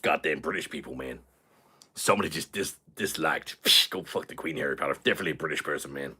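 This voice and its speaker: A man's voice: a bass voice, quick pace, sharp tone, husky, full character voice. A British man putting on a crude, cocky American character with a put-on American accent, swaggering and vulgar on a live stream. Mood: boastful.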